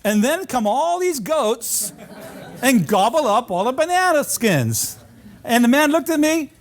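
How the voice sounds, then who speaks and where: A male professor lecturing in a hall, his voice sitting high and swinging widely in pitch. He tells travel stories over slides in an animated, storytelling way. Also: a little slow. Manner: animated anecdotes with audience laughter. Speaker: college geography professor giving a lecture.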